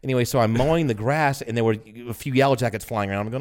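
A man's voice: medium pitch, rapid-fire. A man co-hosting a podcast, telling long rambling stories with lots of swearing, and laughing at himself. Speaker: podcast co-host. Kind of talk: casual chat.

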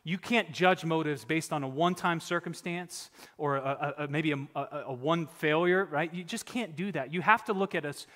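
Emphatic high-voiced male pastor preaching. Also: normal speed, hardly any pauses, big-room sound. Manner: emphatic, swings from loud exhortation to near-whisper. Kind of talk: sermon.

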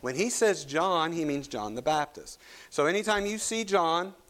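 This pastor from Kentucky has an expressive voice on the high side with a fairly bright tone, speaking at normal speed. Preaching in a church sanctuary, he shares folksy stories laced with southern sayings, then reads scripture and prays.

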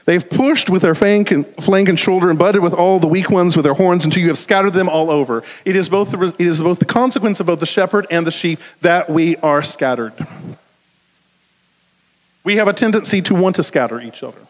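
Southern male preacher, relaxed and conversational, slightly high voice, long hall echo. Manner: conversational, jokey asides, slows for emphasis. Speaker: pastor. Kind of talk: sermon.

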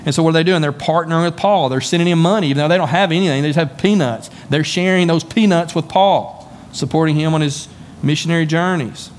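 A pastor from the Southern United States, with a Southern US accent, preaches a sermon in a church sanctuary, folksy and conversational, often repeating words. His voice is on the high side and his pace quick.

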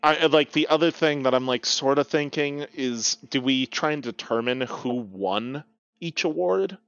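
A man's voice: mid-range voice, measured pace, a bit bright, smooth, dry recording. Wry man on a dull, lo-fi mic. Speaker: guest player. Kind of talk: casual game chat. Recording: dull lo-fi sound.

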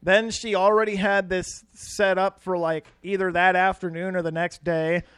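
A man's voice: sits high, level tone, moderate pace, fairly bright tone, smooth, no room sound. A young man co-hosting a podcast, teasing and pushing back skeptically in casual chat. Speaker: podcast co-host.

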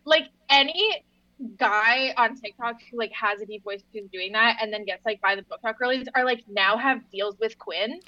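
Bright young woman on a dull, dry mic. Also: fairly high pitch, normal speed. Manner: wry asides, rambling tangents. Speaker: podcast co-host. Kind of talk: casual book chat.

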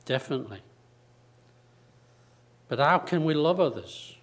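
A man preaching a sermon slowly and deliberately, repeating phrases and pausing for emphasis. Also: on the high side, expressive.

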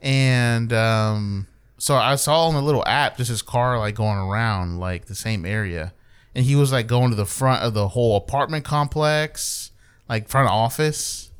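A man's voice: medium pitch, a little slow, clear, resonant tone. A young man telling a profane story in casual chat, acting out the quoted lines. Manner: animated, swears a lot, acts out quotes.

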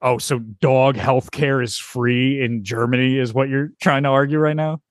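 A man's voice: medium pitch, steady tone, normal speed, no room sound, studio quality. A young American man hosting a podcast, chatting casually, sarcastic and swearing freely. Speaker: podcast host. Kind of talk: casual chat.

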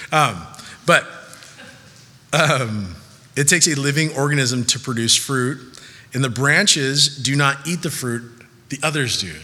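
A young man preaching a sermon in a conversational, animated way, from Southern California. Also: mid-range voice. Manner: conversational, animated storytelling with laughs. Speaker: pastor. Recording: long reverb of a large hall.

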